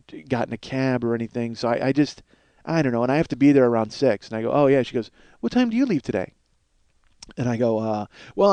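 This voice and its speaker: A man's voice: medium pitch, warm tone, clear, resonant tone, dry recording. Rambling crude middle-aged man, dry mic. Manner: rambling, crude, self-mocking storytelling. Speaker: podcast host. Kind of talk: rambling solo podcast monologue.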